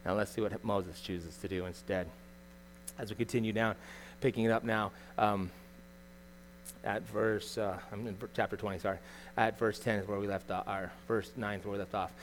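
A middle-aged man as pastor, preaching a conversational sermon full of rhetorical tag questions, swinging between loud emphasis and quiet asides. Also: lowish voice, steady tone, normal speed, a little hiss or hum.

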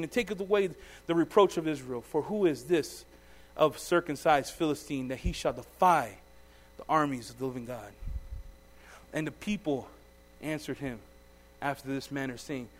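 High-voiced man preaching a sermon. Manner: reads scripture haltingly, then preaches with swings from loud to very quiet; addresses listeners directly with questions. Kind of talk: sermon with scripture reading.

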